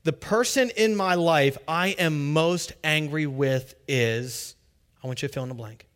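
A man preaching a sermon as pastor, conversational and animated, acting out little quotes. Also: on the high side, unhurried.

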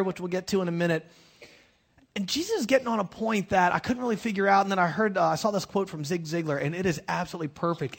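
A man pastor giving a conversational, self-deprecating sermon, dropping into slang and casual asides. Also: high-pitched.

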